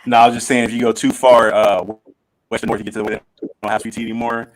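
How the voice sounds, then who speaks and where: A man with a Middle Georgia Southern accent, a guest chatting on a live stream in a quick, easygoing way. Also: mid-range voice, little pitch movement. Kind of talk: casual live-stream chat.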